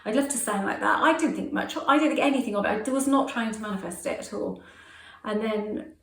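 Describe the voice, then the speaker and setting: A woman from England's West Country with an English accent, a manifestation coach talking casually to camera in a fast, chatty way with frequent laughs. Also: mid-range voice. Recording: roomy echo.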